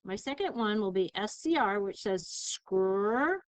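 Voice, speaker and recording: A woman teacher giving a recorded spelling lesson, sounding out syllables slowly and carefully. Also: mid-range voice, lively intonation, clear, resonant tone, dry recording, poor audio. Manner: slow, careful enunciation of syllables.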